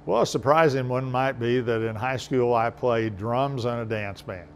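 An older man from New Mexico, a university president, answering interview questions at home in a gentle, unhurried, folksy way. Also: medium pitch, a little hiss or hum. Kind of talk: casual interview. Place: home, indoors.

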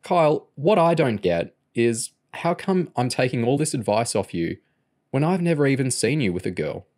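A man's voice: medium pitch, very animated, normal speed, darkish tone, voice pushed up. A man doing an awkward teenage boy.

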